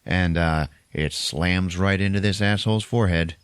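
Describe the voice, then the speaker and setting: A man hosting a podcast and recapping a horror film in a casual way, animated and laughing often. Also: deep voice, normal speed, clear, resonant tone, no echo. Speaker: podcast host.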